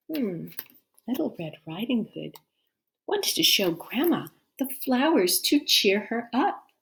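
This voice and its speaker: Lady reading a kids story real slow, sing-songy, keeps asking the kids questions, goes all hushed. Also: a little high, big pitch swings, creaky. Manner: asks the listening children questions, often drops to a hush. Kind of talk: children's story read-aloud.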